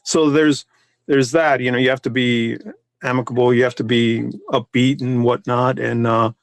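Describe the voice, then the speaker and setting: A man's voice: medium pitch, flat delivery, normal speed, dry recording. Rambling man in casual chat. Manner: rambling, many restarts and fillers. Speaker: comic artist.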